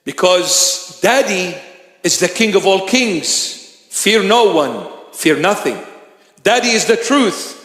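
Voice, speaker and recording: A man preaching as bishop in a church, impassioned, acting out little scenes and rising to shouts. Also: high voice, expressive, takes it slowly. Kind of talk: sermon. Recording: echoey hall reverb.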